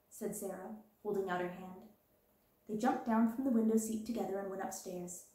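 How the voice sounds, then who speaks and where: A woman reading a children's classic aloud as a storyteller, with gentle, even narration. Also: mid-range voice, moderate pace, heavy reverb, rough recording.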